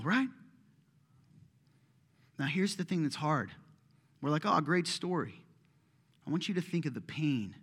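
A middle-aged male pastor delivers a sermon at a medium pitch. His style is conversational yet impassioned, and he acts out prayers and complaints aloud.

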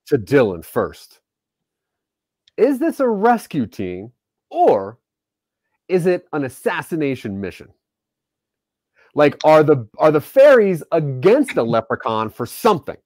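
Guy running a story brainstorm, kinda high voice, animated, dry close sound. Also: no room sound. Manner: animated, jumps into quick acted bits. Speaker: writer leading a story brainstorm. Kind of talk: casual creative brainstorming.

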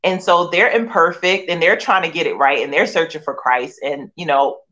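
A middle-aged woman from Philadelphia tells her faith story as an interview guest, in a voice pitched a little low. She talks with feeling, restarts her sentences and piles up rhetorical questions. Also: normal speed, fairly bright tone, highs cut off. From Philadelphia, USA. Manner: emotional, repetitive, restarts often, rhetorical questions. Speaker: guest sharing a testimony. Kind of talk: candid personal testimony.

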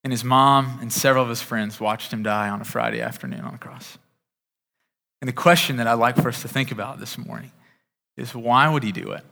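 Speaking at a brisk clip, this pastor's medium-pitched voice sounds creaky, pushed and bright. His sermon is conversational and full of repeated starts, echoing with the long reverb of a big church sanctuary.

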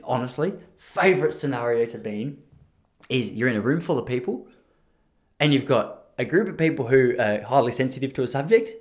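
A man in his thirties, talking casually and rambling as a podcast host, joking at his own expense and laughing at his own lines. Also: mid-range voice. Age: 30s. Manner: chatty, self-mocking, laughs at own jokes.

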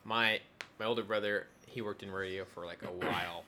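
Bright-voiced young man chatting. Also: low voice, steady tone, brisk, a little hiss or hum. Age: young adult. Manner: rambling, many fillers and restarts. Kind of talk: casual chat.

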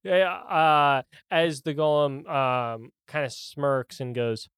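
A man's voice: fairly high pitch, fairly even intonation, slow, hardly any pauses, a bit bright, smooth, no room sound, studio quality. A young man narrating as game master of a tabletop game, loose and laughing with lots of fillers.

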